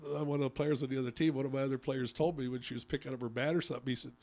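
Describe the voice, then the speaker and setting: A man who hosts a radio talk show and coaches youth softball, telling a story with rambling restarts. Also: medium pitch, steady tone, racing, creaky. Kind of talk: casual radio chat.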